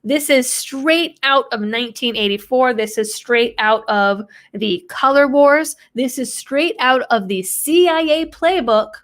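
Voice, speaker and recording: A woman's voice: high-pitched, unhurried, few pauses. A young woman reading out a news article and picking it apart with sarcastic, skeptical commentary. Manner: sarcastic, quotes text then mocks it. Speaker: political commentator.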